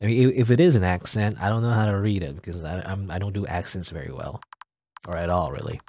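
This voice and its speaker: A man's voice: low voice, quick pace, mellow, no echo, clean studio sound. A man hosting a let's play, reading game dialogue aloud and adding joking asides. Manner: joking asides between read-out lines.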